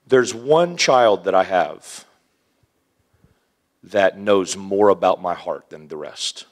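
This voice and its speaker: A man preaching a sermon, animated, acting out scenes with hushed whispers and playful voices. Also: low voice, slow.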